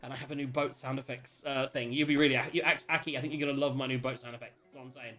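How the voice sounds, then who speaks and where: A man hosting a tabletop role-playing stream, chatting excitedly and rambling with many restarts. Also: medium pitch, fast. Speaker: host and player character. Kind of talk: casual chat opening a tabletop game stream.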